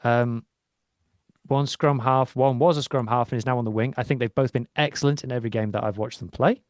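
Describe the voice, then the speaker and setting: A man's voice: mid-range voice, steady tone, brisk, no echo. A man, talking enthusiastically and at length about rugby on a casual podcast, with frequent ums. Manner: enthusiastic, rambling with many ums. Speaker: podcast co-host. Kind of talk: casual sports chat.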